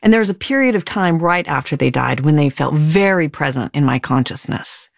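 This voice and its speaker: A woman hosting an interview, asking measured, attentive questions. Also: low voice, lively intonation, vocal fry, no room sound, studio quality. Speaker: host. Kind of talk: interview host.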